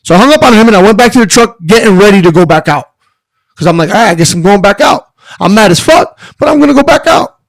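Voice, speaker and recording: A man telling stories as a podcast guest, heated, profane and animated. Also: high-pitched, quick pace, no echo, rough recording. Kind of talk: casual storytelling.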